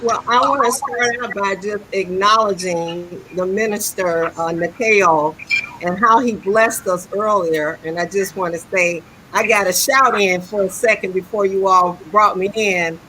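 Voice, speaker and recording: A woman's voice: medium pitch, pushed and bright, slight background noise, low-quality recording. A woman guest on a live stream speaking earnestly and steadily over a video call. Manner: earnest, measured, with some restarts. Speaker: guest, historical society president.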